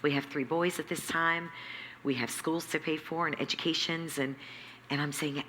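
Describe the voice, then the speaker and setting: A woman who runs a nonprofit, telling her story in an interview with lively acted-out quotes and emphatic repetition. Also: sits low, moderate pace. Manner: animated, acts out quoted dialogue, emphatic repetition. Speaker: nonprofit CEO, interview guest. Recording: echoey hall with faint background noise.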